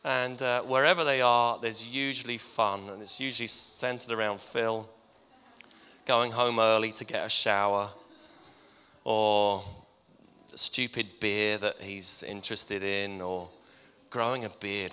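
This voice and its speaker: A man's voice: fairly low pitch, steady tone, unhurried, smooth. A middle-aged man, a pastor giving a teasing, conversational farewell tribute in a church. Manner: warm-hearted, teasing, conversational preaching. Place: church hall, indoors. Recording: long reverb in a church hall.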